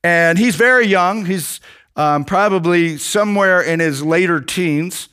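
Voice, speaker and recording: A man preaching a sermon, retelling a story with lively acted-out quotes, casual fillers. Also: high voice, measured pace, clear, resonant tone.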